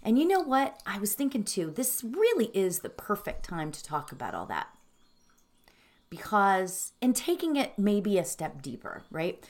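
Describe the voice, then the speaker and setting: A woman introducing a guided meditation, speaking earnestly and emotionally, halting and teary with soft laughs. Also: medium pitch, big pitch swings.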